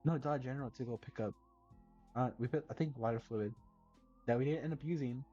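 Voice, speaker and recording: A man's voice: medium pitch, fairly quick, mellow, soft background music. A drunk young man co-hosting a podcast, rambling and losing his train of thought. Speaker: podcast co-host. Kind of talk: casual chat. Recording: dull lo-fi mic.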